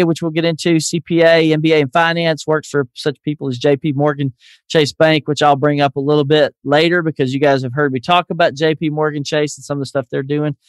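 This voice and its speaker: A man's voice: on the high side, dry recording, studio quality. A man with a Southern US accent hosting a podcast, chatty and upbeat as he tells stories. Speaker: podcast host. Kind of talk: casual interview chat.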